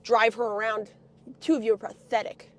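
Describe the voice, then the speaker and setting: A woman telling a story on a live stream in a profane, angry rant that often breaks into shouting. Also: on the high side, flat delivery, moderate pace, no echo. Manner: foul-mouthed, angry, swings into shouting.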